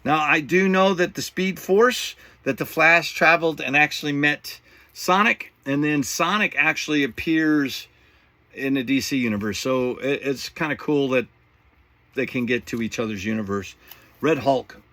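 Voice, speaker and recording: A man's voice: fairly high pitch, moderate pace, pushed and bright, no echo. A middle-aged man hosting a podcast, chatting casually and rambling with jokes and laughs as he shows off new comic books. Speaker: podcast host. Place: home studio setup.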